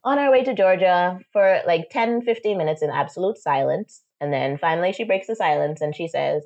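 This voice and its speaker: A young woman from the Bahamas telling a personal story as an interview guest, animated and acting out quotes. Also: lowish voice, brisk, few pauses, muffled recording. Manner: animated, acts out quotes, frequent "like".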